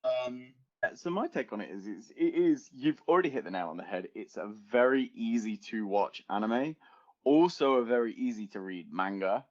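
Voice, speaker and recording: A man's voice: medium pitch, animated, normal speed. A young man co-hosting a casual podcast, chatty and rambling, often laughing. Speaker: podcast co-host. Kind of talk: casual chat. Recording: dull lo-fi home podcast recording.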